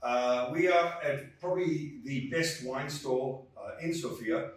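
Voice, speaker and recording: A man's voice: mid-range voice, slow. A man presenting a casual wine vlog, chatty and upbeat with lots of fillers. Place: wine store, indoors. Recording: very echoey store, mic far off.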